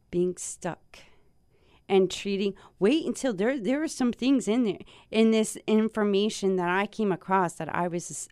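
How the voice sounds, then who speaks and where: Slow-talking woman, rambling then ranting. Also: mid-range voice, clean tone, no room sound, clean studio sound. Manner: rambling and searching, then heated and ranting, swearing. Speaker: video host. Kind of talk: casual direct-to-viewer monologue.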